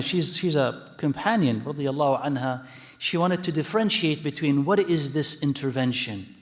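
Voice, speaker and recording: A man with a fairly high voice teaches hadith as a lecturer to a live audience in a mosque hall, with a long reverb tail. He explains the text by repeating points and using rhetorical checks. He mixes in brief Arabic phrases and blessings.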